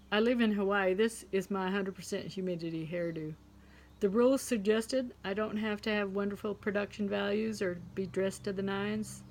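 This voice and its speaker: A middle-aged woman telling a dry comic monologue to her camera at home, dropping to a hushed tone on her punchlines. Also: medium pitch. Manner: dry, wry storytelling, drops to a hushed tone on punchlines. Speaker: comedy contest entrant. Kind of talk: deadpan stand-up monologue to camera. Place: home, indoors.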